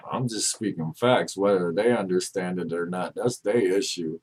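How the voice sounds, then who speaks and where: A man's voice: low voice, normal speed, darkish tone, a little hiss or hum. A man co-hosting a podcast in casual chat, ranting and joking with a lot of swearing. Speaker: podcast co-host.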